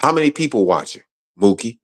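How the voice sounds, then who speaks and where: On a livestream, a male guest goes on a heated rant, angry, profane, and repeating himself. His voice sits at a medium pitch and comes across as expressive and brisk.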